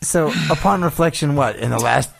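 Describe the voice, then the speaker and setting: Podcast co-host, gravelly, animated, cracks up easily. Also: mid-range voice, normal speed, slight background noise. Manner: laughs hard, animated, swears casually. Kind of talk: casual chat.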